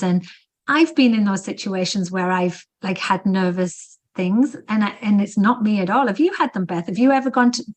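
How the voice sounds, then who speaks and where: A middle-aged woman, a fitness coach and author, talking casually as a podcast guest and acting out quotes as she tells stories. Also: medium pitch. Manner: animated storyteller, acting out quotes. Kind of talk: conversational podcast interview.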